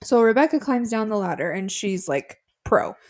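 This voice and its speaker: A woman's voice: mid-range voice, moderate pace. A woman co-hosting a podcast, casually chatting about a reality show episode and laughing along. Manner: relaxed, agreeable, laughs along. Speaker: podcast co-host. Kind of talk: casual recap chat.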